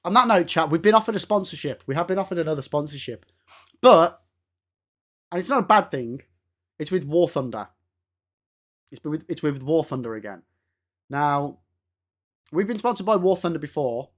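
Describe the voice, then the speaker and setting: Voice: mid-range voice, expressive, normal speed, pauses often. Chatty streamer talking to chat. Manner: chatty, laughing, swearing. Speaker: game streamer. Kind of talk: live-stream chat with viewers.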